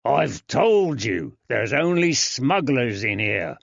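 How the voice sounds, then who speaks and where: A man doing a rough blunt jailer. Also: medium pitch, sing-song, slow, dry recording, full character voice. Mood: threatening. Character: nervous rough jailer with a pistol, gruff. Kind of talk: audiobook character voice. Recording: dry, slightly dull.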